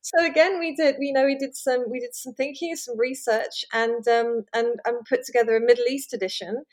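A woman, a magazine editor, talking in a relaxed interview, laughing often and restarting her sentences. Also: fairly high pitch, fairly quick. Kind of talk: conversational interview.

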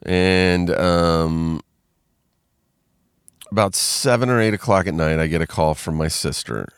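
A man's voice: deep voice, unhurried, clean tone, no room sound, studio quality. A man casually telling a long, rambling personal story, full of fillers. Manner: rambling, filler-heavy retelling with many "like"s.

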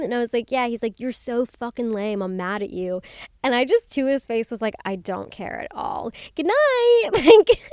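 A young woman hosting a casual solo podcast, candid and chatty, with lots of "like" and swearing, acting out quotes in high squeals. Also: clean tone, dry recording, studio quality. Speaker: podcast host.

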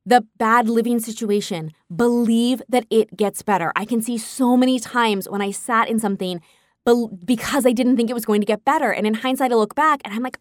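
A woman talking casually about her own life, candid and animated, often breaking into laughs as she acts out her own past reactions. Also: a little high, no room sound, studio quality. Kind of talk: casual personal storytelling.

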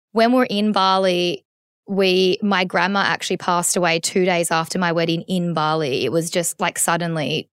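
Candid woman, smooth dry voice. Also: mid-range voice, dry recording. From Australia. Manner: candid and emotional, many restarts and "like"s. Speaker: podcast guest. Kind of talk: conversational interview.

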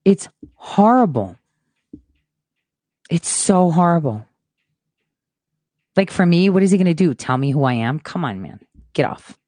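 A woman host delivering a frustrated ranting monologue, blunt and swearing freely, swinging between hushed mutters and loud boasts. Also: lowish voice, very animated, unhurried, long pauses, no echo.

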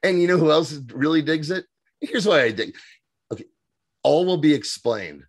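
A man's voice: on the high side, animated, normal speed, no room sound, studio quality. A man co-hosting a podcast, chatting enthusiastically and often breaking off and restarting his sentences. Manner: enthusiastic, self-interrupting. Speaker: podcast co-host. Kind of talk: casual chat.

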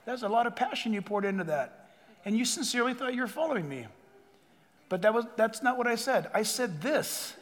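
A man's voice: high voice, big pitch swings, moderate pace, in a large hall. A man voicing God within a sermon, speaking kindly and reassuringly to a listener who has failed. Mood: gentle. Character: God, a gentle patient male deity speaking.

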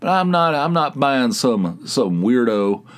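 A man hosting his own podcast, telling rambling, animated stories in casual chat and laughing at them. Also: mid-range voice, a little slow. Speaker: podcast host. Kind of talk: casual solo storytelling.

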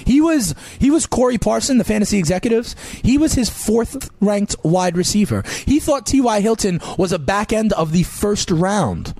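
A male fantasy football analyst with a high voice talks fast and emphatically, with a sing-song lilt. His talk radio delivery is animated and punchy. The sound is dry and close, with no room in it. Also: dry recording. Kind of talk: sports radio commentary.

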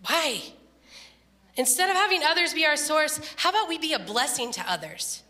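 Woman giving a sermon, bright voice, echoey church hall, jumps up high when quoting people. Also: moderate pace. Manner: animated storytelling, laughing, voice jumps up when quoting. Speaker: preacher.

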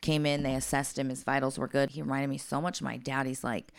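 A woman's voice: a bass voice, level tone, fast talker, vocal fry, few pauses, no room sound. A woman co-hosting a casual podcast, telling a blunt, profane story from her work. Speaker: podcast co-host.

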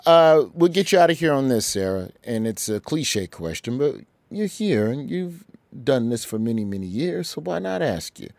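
A man's voice: medium pitch, sing-song, moderate pace, gravelly, darkish tone, no room sound. A man hosting a podcast, joking and asking his guests questions. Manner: playful, joking. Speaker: podcast host. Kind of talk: casual chat.

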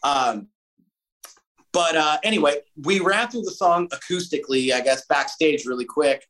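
A man, a musician guest, telling a story in a casual interview, animated and swearing freely. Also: fairly high pitch, normal speed, poor audio. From United States.

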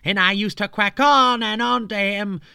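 A man's voice: high-pitched, moderate pace, creaky, pushed and bright, smooth, no echo, clean studio sound. A man narrating a storybook tale in a camp, playful, mock-grand way, full of cheeky asides.

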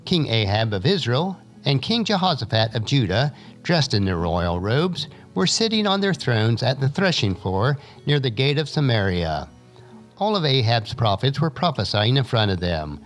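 A man reads scripture aloud with a lively, rising and falling delivery, lifting his pitch whenever a character speaks. His voice sits in a middle register. Faint music plays underneath. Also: moderate pace. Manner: expressive reading, lifting pitch for quoted speakers. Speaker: scripture reader and teacher. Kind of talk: Bible reading followed by an essay.

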